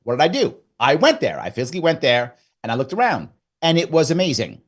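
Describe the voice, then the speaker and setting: A middle-aged man from New York talking as an interview guest. He tells his story in an animated way and slips into the voice of his own past thoughts. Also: a little high, fast. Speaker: guest, former governor candidate. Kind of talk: casual interview chat.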